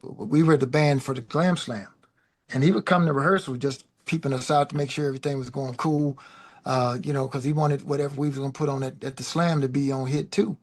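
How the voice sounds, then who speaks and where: A middle-aged man, a guest musician, telling loose, animated stories in a casual chat. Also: mid-range voice, a little fast. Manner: animated, loose, peppered with "man" and "you know". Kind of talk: casual storytelling.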